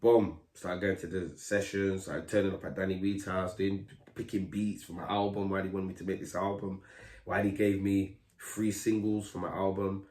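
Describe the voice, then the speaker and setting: A man telling a lively story in casual street slang, acting out the voices of people in it. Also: deep voice, normal speed. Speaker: guest, grime MC. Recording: roomy echo.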